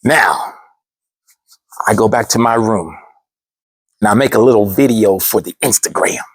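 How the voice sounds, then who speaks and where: A man telling a personal story as a speech, animated and shifting into voices for the people in it. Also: on the low side, a little slow, husky, no room sound, clean studio sound.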